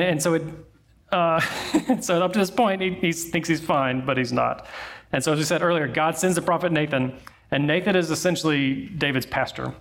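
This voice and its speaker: A man's voice: medium pitch, fairly bright tone. A man giving a sermon in a conversational way, telling a story with fillers and asides. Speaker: pastor.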